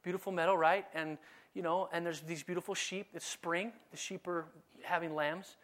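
A man preaching a sermon in a conversational, animated way, now and then dropping to a soft, low delivery. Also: normal speed. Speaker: pastor.

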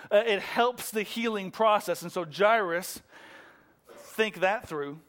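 A man preaching a sermon in a church, swinging from excited emphasis to hushed intensity. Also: on the high side. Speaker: pastor. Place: church room.

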